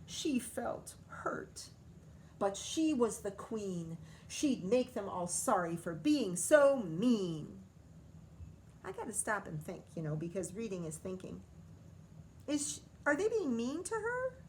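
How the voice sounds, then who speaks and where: A woman's voice: mid-range voice, sing-song, a little slow, slight background noise. A woman teacher reading a picture book aloud to children, stopping often to comment and ask questions.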